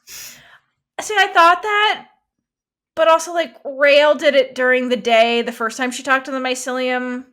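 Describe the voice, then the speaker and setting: A woman's voice: sits high, measured pace. A woman co-hosting a podcast, recapping a TV episode in casual chat, rambling with lots of "like"s and restarts. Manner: rambling, animated, many "like"s and restarts. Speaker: podcast co-host.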